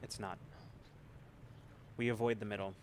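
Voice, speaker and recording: A man voicing a weary, haunted male wastelander who speaks quietly and grimly and repeats himself. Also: fairly low pitch, flat delivery, normal speed, a little hiss or hum, natural voice. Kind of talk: tabletop role-play voicing.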